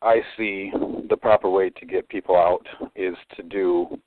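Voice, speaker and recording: A fairly low-voiced man calls in with a question and chooses his formal words with care. He comes through a tinny phone line. The sound is dry. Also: fairly even intonation, no echo. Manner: deliberate, formal legal wording. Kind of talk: call-in question.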